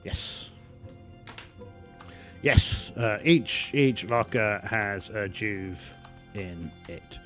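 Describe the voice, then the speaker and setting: A man's voice: on the low side, drawn-out words, pauses often, fairly bright tone, soft background music. A man narrating a solo tabletop game, thinking aloud with many restarts and fillers.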